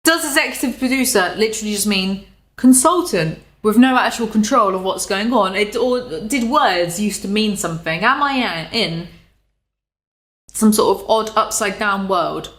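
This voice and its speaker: A young British woman giving casual, sarcastic commentary, animated and swearing freely. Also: medium pitch, a little slow. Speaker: commentary YouTuber. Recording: echoey room.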